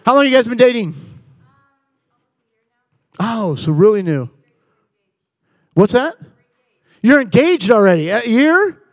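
A man in his forties, a guest speaker at a church service, gives a comedic talk, animatedly telling stories, acting out dialogue and bantering with the live audience. His voice is very high, slow and pausing often, with no room sound.

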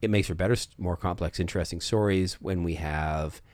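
Deep-voiced man, earnest casual chat. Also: fairly quick, a little mellow, no room sound. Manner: earnest, hesitant with ums. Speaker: podcast co-host, game master. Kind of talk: casual chat about tabletop games.

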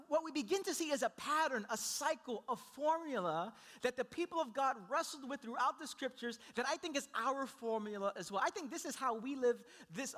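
A man delivers a sermon in a notably high voice with a bright, forward tone. He tells the story with animated energy, slipping into quick voices for the characters he quotes. His pitch climbs high when he gets emphatic and drops low when he slows down. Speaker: pastor.

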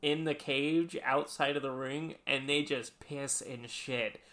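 Male podcast co-host, bright and forceful tone, casual storyteller who swears freely. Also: medium pitch, steady tone, slow. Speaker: podcast co-host explaining wrestling history. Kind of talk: casual chat.

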